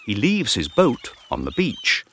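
A man narrating a storybook slowly and clearly, paced for learners. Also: medium pitch, wildly swooping pitch, a bit bright, a little hiss or hum. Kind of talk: storybook reading.

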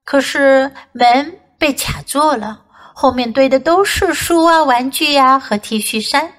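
A woman English teacher, whose first language is Chinese, reading a children's story aloud in two languages with a clear, sing-song manner for small children. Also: high-pitched, measured pace, a bit bright.

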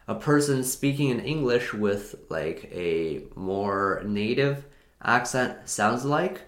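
A man with a lowish voice talks through a lesson off the cuff, thinking aloud and reworking his sentences as he goes. The room around him rings with noticeable echo. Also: a bit bright. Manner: loose, thinks aloud, rephrases himself mid-sentence. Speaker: English learning podcast host. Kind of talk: unscripted explanatory talk. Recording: echoey room.

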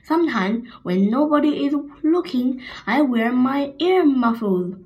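A woman reading a storybook, voicing a big lion who sheepishly confides his fear of loud noises. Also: sits high, expressive, unhurried, highs cut off.

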